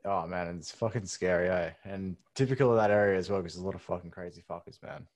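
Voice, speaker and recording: An Australian man hosting a podcast interview, relaxed and casually swearing. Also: low voice, quick pace. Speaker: podcast host.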